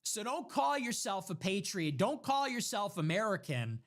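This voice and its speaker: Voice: medium pitch, sing-song, normal speed, fairly bright tone. A commentator ranting into the mic, angry and profane, swinging between scorn and sarcasm. The talk rambles with restarts and mocking asides. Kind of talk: ranting monologue.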